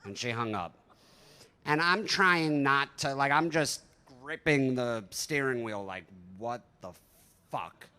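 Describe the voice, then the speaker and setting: A man in his thirties does stand-up, telling stories in a conversational, profane, self-deprecating style. His medium-pitched voice is clear and resonant, with a sharp tone, and he speaks slowly but with plenty of animation.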